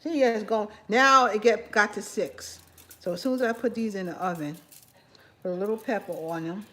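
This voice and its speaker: A woman's voice: mid-range voice, normal speed, bright, forceful tone. A woman from New York with a New York accent, chatting casually while she cooks for her channel. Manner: chatty, talks while cooking. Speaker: cooking channel host. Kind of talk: casual cooking vlog chat.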